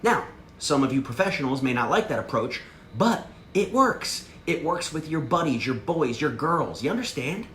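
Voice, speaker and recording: Animated brash man giving sales training. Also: fairly high pitch, normal speed, slight background noise. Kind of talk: motivational sales training talk. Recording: echoey room with faint ambience.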